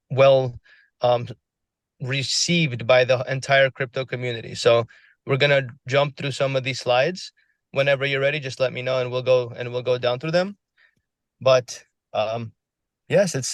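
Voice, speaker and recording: Fast-talking man presenting over a phone on a call, dry close sound. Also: medium pitch, a bit bright, no echo. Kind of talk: casual presentation.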